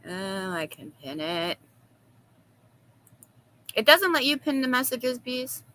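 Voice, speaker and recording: A woman's voice: a little high, very animated, takes it slowly, bright, forceful tone, low-quality recording. A woman hosting a casual live-stream chat, gossiping, laughing often and reading viewers' comments aloud.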